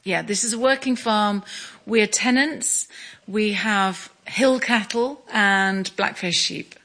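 A middle-aged woman from Scotland telling her story in an interview, measured, with small restarts. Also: medium pitch, a bit bright. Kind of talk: reflective interview.

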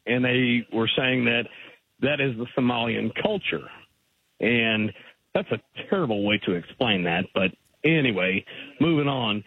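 A man's voice: medium pitch, gravelly, husky, no echo. A man calling into a radio show, pressing the host with argumentative points. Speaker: caller. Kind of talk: call-in radio conversation. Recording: phone-line caller audio.

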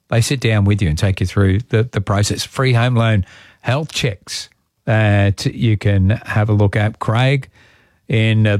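Matey Australian radio host. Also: male voice, lowish voice, darkish tone, no room sound, studio quality. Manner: laid-back, matey, chatty. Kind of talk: casual radio chat and live reads.

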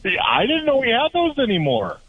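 A man calls in to a radio show and chats casually in a wry, matter-of-fact tone. His pitch moves around a lot. The audio is dull and lo-fi. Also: wildly swooping pitch, fairly quick. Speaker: caller. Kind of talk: casual phone chat. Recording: dull phone-quality audio.

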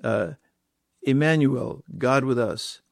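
A man's voice: medium pitch, slow pace, gravelly, no room sound, studio quality. Emphatic male preacher, rhetorical questions. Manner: emphatic, repeats key words, asks rhetorical questions. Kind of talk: sermon.

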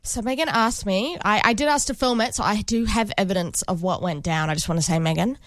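A woman, the show's producer, joining the radio banter in a teasing, giggly and quick way. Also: mid-range voice, no room sound, clean studio sound. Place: radio studio.

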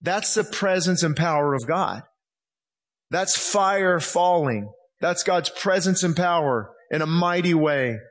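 A man with a notably high voice delivers a sermon from the front of a church. He preaches fervently and emphatically, stumbling into repeated words as he presses his points. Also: slow. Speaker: pastor.

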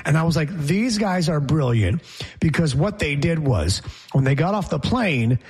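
Husky, animated male sports host. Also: a little high, normal speed. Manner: animated, opinionated, reads show rundown. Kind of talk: casual sports talk.

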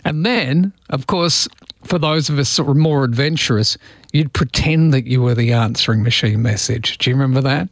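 A man's voice: mid-range voice, moderate pace, creaky, no echo, studio quality. A man hosting a morning radio show, chatting in a wry, rambling way with asides. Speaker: radio host. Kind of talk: casual morning radio chat.

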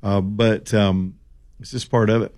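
A man's voice: fairly low pitch, flat delivery, a little slow, a little mellow. Sarcastic folksy male talk host. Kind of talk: opinionated political talk radio.

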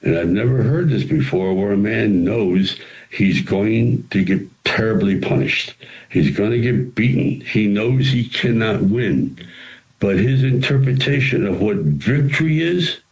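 A very low-pitched older man recounts stories as an interview guest. He talks with animation and acts out the quoted lines himself. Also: animated, unhurried, darkish tone, rough recording. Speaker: interview guest, actor and writer. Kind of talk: storytelling interview answers.

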